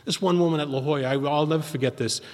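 A man's voice: a little high, rapid-fire, a little mellow. A middle-aged man telling his own story at a meeting, rambling and acting out what others said. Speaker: speaker at a recovery meeting. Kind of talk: personal testimony at a meeting. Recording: long reverb of a hall.

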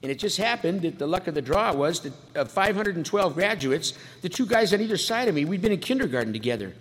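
His voice sits high and husky, expressive and quick. A man from California's San Fernando Valley shares his life story with humor at a recovery meeting, trading in wisecracks and acting out quoted voices, while the hall reverberates and faint background noise lingers.

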